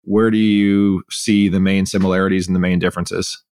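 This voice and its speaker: Podcast host guy, lowish voice, asks questions kinda carefully. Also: little pitch movement, brisk, a little mellow. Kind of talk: casual interview chat.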